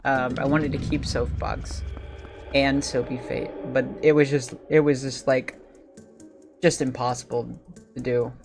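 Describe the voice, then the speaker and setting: A man streaming a video game, chatting casually and hesitantly with many pauses and fillers. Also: mid-range voice. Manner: rambling, hesitant, lots of ums. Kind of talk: casual gameplay commentary. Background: game music.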